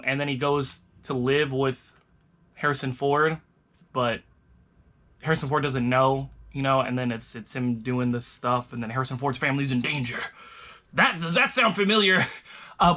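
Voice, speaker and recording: A man's voice: a little high, pushed and bright. A young man chatting casually as a vlogger, rambling and restarting his sentences often. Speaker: vlogger reviewing movies. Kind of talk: casual chat.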